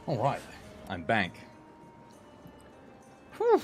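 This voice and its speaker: A man's voice: mid-range voice, animated, normal speed, pauses often, loud music behind the voice. A young man streaming a game, chatting casually with viewers, joking and swearing now and then. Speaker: gaming streamer. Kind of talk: casual livestream chat while playing.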